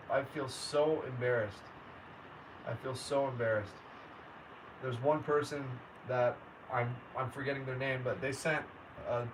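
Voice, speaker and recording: A man's voice: medium pitch, fairly bright tone. A man, chatting casually with viewers on a livestream and greeting them by name. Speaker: livestream host. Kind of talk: casual livestream chat reading comments. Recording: distant mic with faint background noise.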